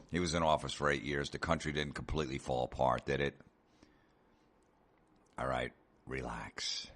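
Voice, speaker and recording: A man's voice: rumbling low, fairly bright tone. A man hosting a comedy podcast, ranting sarcastically and profanely in a loose monologue. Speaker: podcast host.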